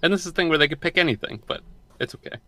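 Bright-voiced rambling podcast guy. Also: a little high, racing, no room sound. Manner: rambling, self-correcting, repeats words. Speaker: podcast co-host. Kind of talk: casual podcast chat.

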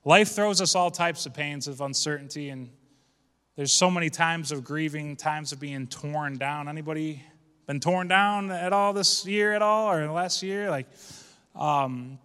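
Fervent male pastor, bright and echoing. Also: fairly high pitch, moderate pace, smooth. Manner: casual, folksy, builds to fervent preaching. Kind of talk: sermon.

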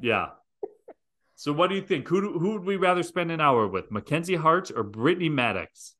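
A man co-hosts a podcast, chatting casually and joking with emphatic repetition. His voice is a little high and fairly bright, expressive, at a moderate pace.

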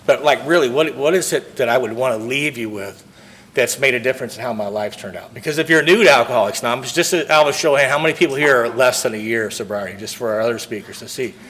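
A man's voice: medium pitch, fast talker, fairly bright tone. A man speaking from a podium at a recovery convention, telling his story earnestly and acting out the dialogue. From St. Louis, Missouri.

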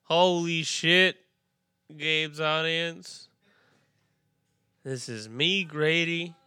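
Sharp, bright-voiced man telling a story. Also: a little high, very slow, smooth, no echo, studio quality. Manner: swears freely, rambling. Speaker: podcast guest, comedian. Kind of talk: casual storytelling.

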